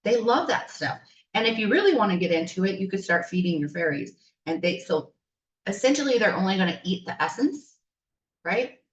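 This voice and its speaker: In a roomy, distant, dull-sounding recording, a female spiritual coach rambles through stories in a chatty, enthusiastic podcast manner. She speaks a little fast at medium pitch, with big swings in her intonation.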